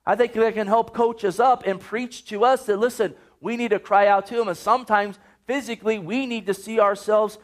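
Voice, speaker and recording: A man's voice: high-pitched, fairly even intonation, brisk, hardly any pauses. A man preaching a sermon, earnest and urging, often quoting scripture.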